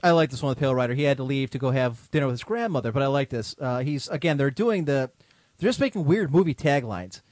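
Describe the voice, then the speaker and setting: A man's voice: medium pitch, animated, quick pace, darkish tone, no room sound. A man hosting a casual talk show, throwing in wisecracks and reading listener mail aloud. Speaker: host. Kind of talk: casual podcast chat.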